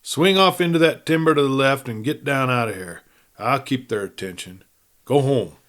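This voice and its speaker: A man voicing a calm male gunman in a western story, speaking in a cool, steady drawl. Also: medium pitch, normal speed, close to an everyday voice. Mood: urgent.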